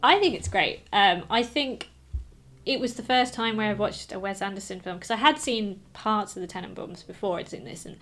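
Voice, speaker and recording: A woman's voice: medium pitch, moderate pace, fairly bright tone. A woman co-hosting a podcast, talking casually and eagerly about a film with many fillers and restarts. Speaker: podcast co-host.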